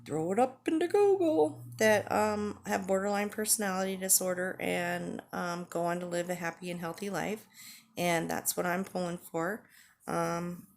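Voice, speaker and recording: Gravelly low-voiced woman in her forties. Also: slight background noise. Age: 40s. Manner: earnest, halting, many fillers. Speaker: vlogger. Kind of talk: candid personal vlog talk.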